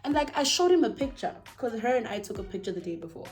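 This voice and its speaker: Animated South African woman telling a story. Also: fairly high pitch, fast talker, faint music behind. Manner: animated, swearing, exclaiming, peppered with "like". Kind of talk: casual storytime vlog.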